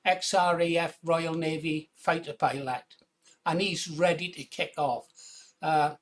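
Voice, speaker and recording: A man's voice: a little high, fairly even intonation, unhurried. A Welsh-born man hosting his own channel, giving rambling casual commentary between clips and chuckling often. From Wales. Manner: chatty, rambling, chuckles often, urges viewers loudly. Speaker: channel host.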